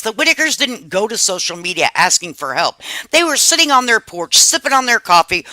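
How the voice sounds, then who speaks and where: Mad lady ranting on her stream, cussing nonstop, bright tone. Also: medium pitch, dry recording. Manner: furious, profane, emphatic. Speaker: live stream host. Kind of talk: angry commentary rant.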